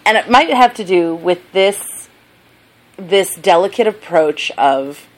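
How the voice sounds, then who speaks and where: A woman co-hosting a casual chat, her voice sitting a little low. She rambles playfully and stumbles through restarts as she works her thoughts out aloud. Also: lively intonation, slow, poor audio.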